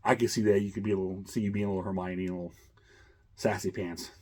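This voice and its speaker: A man's voice: low voice, level tone, fast, warm tone. A man hosting a casual chat, rambling with many fillers and chuckles. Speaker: host.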